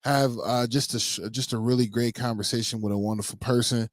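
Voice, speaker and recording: A man's voice: medium pitch, steady tone, fairly quick, dry recording, clean studio sound. A man co-hosting a casual livestream talk show, easygoing and a little rambling. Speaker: co-host.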